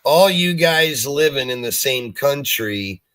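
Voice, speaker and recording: A man's voice: medium pitch, lively intonation, slow, fairly bright tone, clear, resonant tone, no echo. A man from the United States hosting a casual livestream chat, blunt and swearing freely. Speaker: livestream host.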